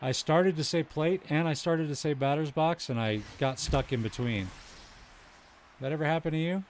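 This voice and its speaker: A man's voice: on the high side, moderate pace, a little hiss or hum. A man streaming a baseball video game, calling the action in a mock broadcaster style and breaking off for chatty, self-deprecating asides. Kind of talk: baseball play-by-play commentary with asides to chat.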